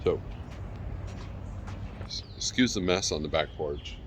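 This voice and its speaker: Out in his backyard, a vlogger chats loosely and keeps breaking off to call his dog. His bass voice is a bit bright and slow-paced, with a little hiss or hum in the recording.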